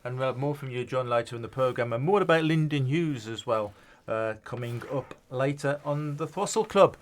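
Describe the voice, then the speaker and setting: A male radio presenter in a studio, chatty and encouraging as he interviews a guest. He keeps things friendly and moves the show along. His voice is a plain middle pitch for a man. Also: moderate pace. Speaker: radio presenter and quiz master.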